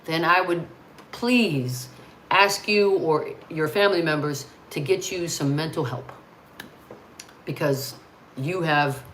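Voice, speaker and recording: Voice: mid-range voice, fairly bright tone, a little hiss or hum, poor audio. An American host talking casually and bluntly on a livestream, ranting with frequent swearing. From United States.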